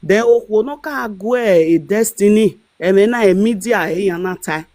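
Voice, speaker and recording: A woman's voice: mid-range voice, normal speed, a little mellow, no room sound, studio quality. A woman with a Nigerian accent hosting a casual live stream, talking in a rambling, emphatic way with many fillers.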